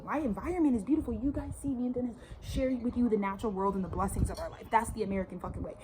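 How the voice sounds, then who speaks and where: Brisk twenty-something woman from Texas: swearing, slangy, insistent rant, a touch high-pitched. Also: warm tone, a little hiss or hum. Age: 20s. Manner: profane, emphatic, slangy. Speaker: vlogger. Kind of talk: casual spiritual rant. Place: outdoors by a suburban yard.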